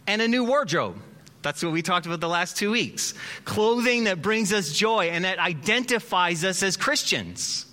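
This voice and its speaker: A male pastor preaching a sermon in an animated, conversational way with dramatic pauses. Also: sits high.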